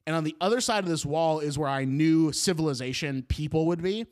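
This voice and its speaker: Man, twenties, high-pitched, animated comic storyteller, laughs mid-sentence, swears freely. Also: fairly quick. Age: 20s. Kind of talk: casual comedic storytelling.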